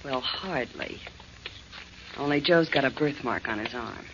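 An actress playing a cool, sharp-tongued young woman in a 1940s radio drama. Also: a bass voice, animated, measured pace, slight background noise, exaggerated voice. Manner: crisp and cool. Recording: dull old radio recording.

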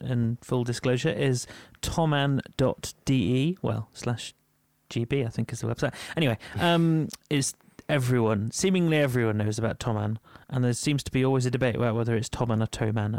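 A man's voice: medium pitch, moderate pace, hardly any pauses, a little mellow, no room sound. Chatty Yorkshire man, dry close sound. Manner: chatty, lots of ums and little laughs. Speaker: podcast co-host. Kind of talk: casual chat.

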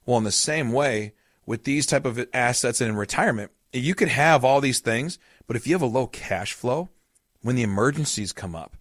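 Male podcast host and financial advisor, mid-range pitch, dry voice, earnest conversational explainer who leans on anecdotes. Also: animated, normal speed, dry recording. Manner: earnest, explains with family anecdotes and acted-out quotes; repeats key points for emphasis.

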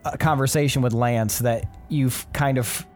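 A man's voice: mid-range voice, steady tone, unhurried, faint music behind. A man narrating as game master in a casual tabletop role-playing session.

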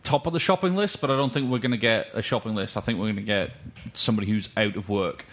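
A man, co-hosting a casual football podcast, animated and swearing freely. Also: on the low side, fast. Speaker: podcast co-host.

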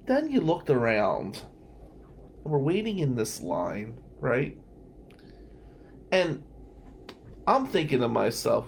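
A lawyer-turned-host tells a rambling story with plenty of laughs and the odd curse. His voice has a gravelly edge, and his pitch swings widely as he gets into it. A faint hiss of noise sits under the recording. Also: slow pace, pauses often. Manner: animated, laughing, swearing storyteller. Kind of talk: storytelling monologue.

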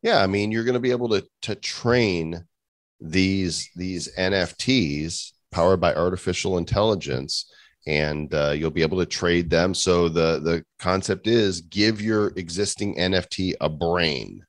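A man's voice: low voice, unhurried, dry recording. A man hosting a podcast in casual chat, upbeat and joking with his co-host.

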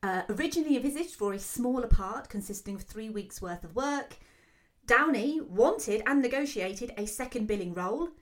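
Fast-talking woman, film commentary. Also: on the high side. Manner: fast, excitable talker with many fillers. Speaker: film podcast host.

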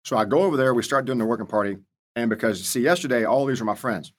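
A man's voice: mid-range voice, quick pace. Blunt, salty male storyteller in his fifties. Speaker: guest, senior Marine leader. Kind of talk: storytelling interview.

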